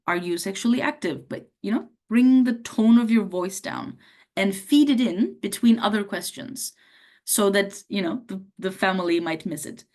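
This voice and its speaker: A woman with a hoarse voice from a cough, teaching medical students how to take a patient's history in a conversational way, acting out the questions she would ask a patient. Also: medium pitch, a little mellow. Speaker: medical lecturer. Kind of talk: teaching a workshop on history taking.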